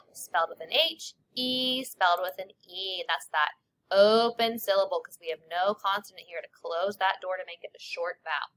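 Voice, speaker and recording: Bright-voiced woman teaching a spelling lesson. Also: mid-range voice. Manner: slow, clear sounding-out of letters and sounds. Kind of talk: spelling lesson for young children.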